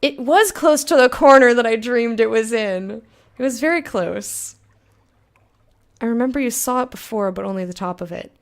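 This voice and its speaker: A young adult woman streaming a game, chatting excitedly with viewers, swearing, and slowly reading game text aloud. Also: on the high side. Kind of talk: blind let's-play commentary, chatting with viewers.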